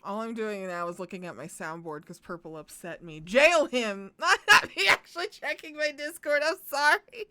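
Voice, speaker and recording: Young woman streamer, live game commentary, high bright voice, very animated, excitable, swears, dramatic outbursts. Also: normal speed, few pauses, smooth, no echo.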